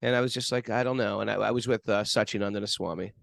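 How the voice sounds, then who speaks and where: A man's voice: on the low side, fairly even intonation, rapid-fire, vocal fry, a bit bright, dry recording. A man co-hosting a spiritual podcast, telling a self-mocking story in a rambling, chatty way. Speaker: podcast co-host. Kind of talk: casual spiritual chat.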